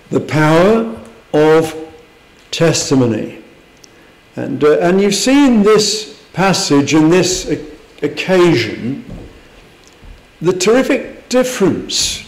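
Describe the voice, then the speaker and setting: A man's voice: a little high, reverberant, poor audio. A man preaching a sermon in a church, earnest and full of rhetorical questions. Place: church hall.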